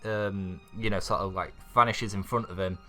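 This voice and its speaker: A man's voice: low-pitched, fairly even intonation, normal speed, sharp tone, faint music behind. Rambling man recapping an episode. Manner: rambling, filler-heavy, chuckles often. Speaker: YouTube anime reviewer.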